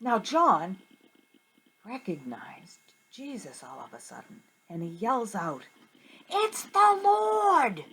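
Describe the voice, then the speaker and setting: Animated woman telling a Bible story. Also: on the low side, takes it slowly, a little hiss or hum. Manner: animated, questioning, sing-song. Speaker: Sunday school teacher. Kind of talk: storytelling to children.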